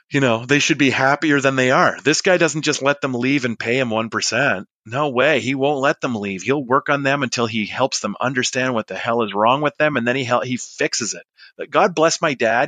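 A man in his forties telling an anecdote, chatty and animated, acting out the people he quotes. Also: medium pitch, no room sound. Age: 40s. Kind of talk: storytelling monologue.

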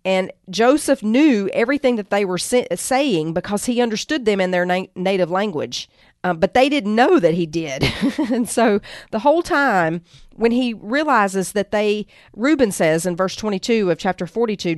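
A woman's voice: mid-range voice, animated, moderate pace, no echo, studio quality. A woman podcast host retelling a Bible story in a conversational teaching style, reading quoted lines and adding asides.

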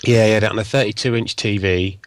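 Enthusiastic, low-voiced podcast man. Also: fairly even intonation, brisk, no room sound, clean studio sound. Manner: enthusiastic, hesitant storyteller with many restarts. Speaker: podcast co-host. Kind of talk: casual chat.

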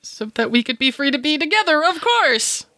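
Woman doing a heartsick spy, bright tone, lively pitch, earnest wounded pleading, dry close mic. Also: moderate pace, no echo, exaggerated voice. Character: Celine, lovestruck female spy who killed for love.

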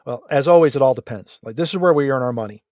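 A man, a guest emergency physician on a podcast, explaining his reasoning in a measured way. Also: mid-range voice, a little mellow, no room sound, clean studio sound. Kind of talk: podcast discussion.

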